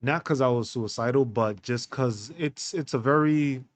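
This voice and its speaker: A man hosting a podcast, telling a personal story in a candid, halting way with many fillers and restarts. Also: medium pitch, dry recording. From United States. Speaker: podcast host.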